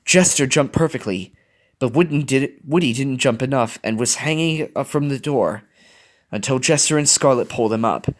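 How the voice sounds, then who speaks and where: A man reading fan fiction aloud in an expressive, storytelling way. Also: medium pitch, moderate pace. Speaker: reader.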